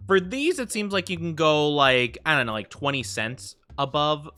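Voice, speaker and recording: A man's voice: a little high, lively intonation, normal speed, pushed and bright. A man streaming a game, chatting casually in a rambling way, full of fillers and laughing easily. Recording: faint background music.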